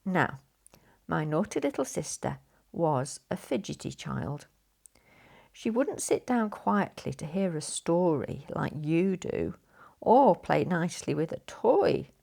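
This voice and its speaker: A woman storyteller gives a playful, expressive bedtime reading in a low, gravelly voice, drawing out the sound words.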